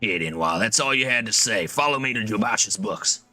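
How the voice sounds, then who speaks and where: Casual male game streamer, bright and slightly low, joking and rambly, game music behind. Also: expressive, a little fast. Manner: casual, joking, says "dude" and "like". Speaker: gaming video creator. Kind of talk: casual gameplay commentary.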